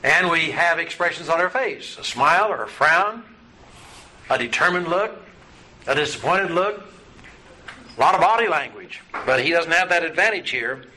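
A man's voice: a little high, animated, normal speed, bright, forceful tone. A man teaching a Bible study class, asking his students questions in a patient, folksy way. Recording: noisy room recording.

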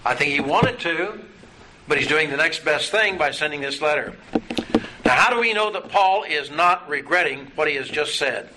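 A man's voice: a little high, lively intonation, moderate pace. A man teaching a Bible study class, asking his students questions in a patient, folksy way. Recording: noisy room recording.

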